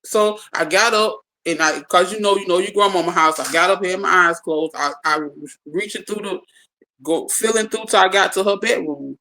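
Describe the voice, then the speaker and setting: A speaker telling a personal story to a small group in casual talk, animated, repeating and restarting words and acting out the dialogue. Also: medium pitch, moderate pace, poor audio.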